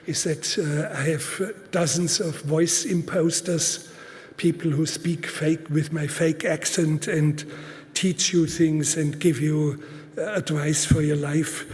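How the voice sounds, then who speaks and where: A man gives a live conference talk in deliberate, halting speech, with fillers and restarts, stressing points by repeating words. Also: fairly high pitch, fairly even intonation, a little mellow. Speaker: conference speaker. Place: large auditorium. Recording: long hall reverb.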